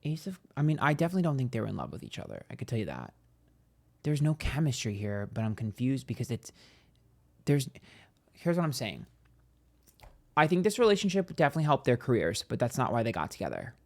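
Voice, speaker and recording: A man's voice: medium pitch, very animated, fairly quick, creaky, pauses often. A man giving a casual psychic tarot reading, rambling and hesitant, turning emphatic and profane.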